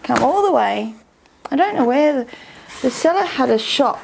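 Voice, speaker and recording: Unhurried chatty woman in her sixties. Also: sits high, lively intonation, gravelly, noisy background. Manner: chatty, rambling, unhurried with many fillers. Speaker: vlogger. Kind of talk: casual unboxing chat.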